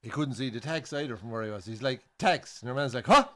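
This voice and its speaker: A man's voice: medium pitch, quick pace. Irish man swearing through pub banter. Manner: swears freely, tells jokes with voiced characters. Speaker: co-host. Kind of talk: casual pub chat and football commentary. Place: bar during a live match.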